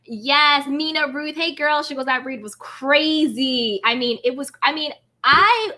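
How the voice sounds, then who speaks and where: Woman livestream host, high bright voice, gossipy and animated, reads out chat comments. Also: measured pace. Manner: gossipy, animated, greets chat viewers by name.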